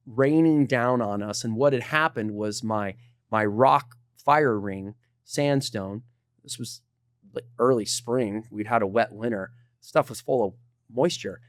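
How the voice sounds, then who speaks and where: A man's voice: medium pitch, clear, resonant tone, dry recording. Middle-aged guy telling old climbing stories, chill and easygoing, dry close sound. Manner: animated, laid-back storyteller saying dude. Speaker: podcast guest, climber. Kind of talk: casual storytelling.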